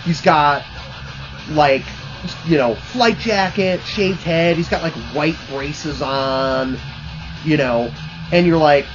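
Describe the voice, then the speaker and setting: A man's voice: fairly high pitch, takes it slowly, muffled recording, music in the background. A man hosting his own channel, telling rambling, profane stories in a casual way with lots of fillers.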